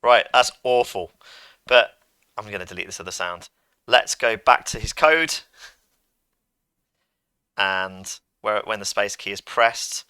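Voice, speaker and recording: A man's voice: sits low, creaky, bright, forceful tone, clean tone, no echo. A man teaching a coding lesson to pupils, chatty and playful as he talks through each step on a computer microphone. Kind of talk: screen-recorded coding lesson.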